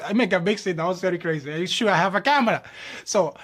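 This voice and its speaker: A man's voice: high voice, quick pace, fairly bright tone. A young man, a ballet dancer from New York, chatting casually and animatedly, acting out dialogue and calling viewers "my people". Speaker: ballet dancer and channel host. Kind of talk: casual chat.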